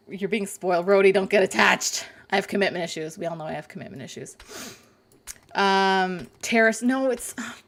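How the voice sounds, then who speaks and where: A woman's voice: mid-range voice, normal speed, vocal fry. A young woman chatting on a live game stream, rambling, laughing and swearing casually. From North America.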